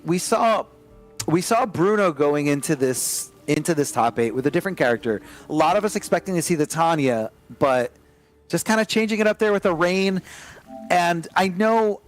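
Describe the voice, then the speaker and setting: A man commentating a fighting game tournament live, excitable and rambling, with frequent restarts. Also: a little high. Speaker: esports commentator.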